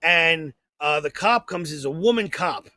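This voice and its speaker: A man, co-hosting a comedy podcast and telling a rambling, excitable story in casual chat. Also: a little high, unhurried, no room sound.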